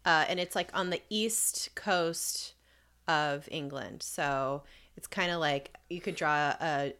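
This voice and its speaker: A woman's voice: low voice, slow, fairly bright tone, clean tone. A woman co-hosting a casual podcast, walking through a story and stumbling over names with easy laughs. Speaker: podcast co-host.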